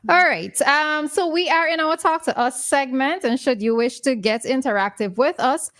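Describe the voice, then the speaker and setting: A Vincentian woman hosting morning radio, chatting easily and laughing often. Her voice sits fairly high and sounds dry and close, with little room around it. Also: moderate pace, fairly bright tone, no room sound. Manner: chatty, laughs often, gives call-in number. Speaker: radio co-host. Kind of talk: morning call-in radio chat.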